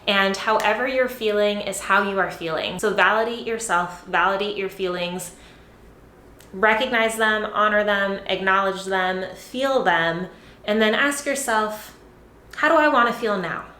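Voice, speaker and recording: A woman's voice: medium pitch, measured pace, pushed and bright, echoey room. A woman fitness coach talking casually to her viewers, encouraging and repetitive, often tagging sentences with "right?". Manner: encouraging, repeats herself with lots of "right?" and "like". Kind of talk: casual direct-to-camera vlog.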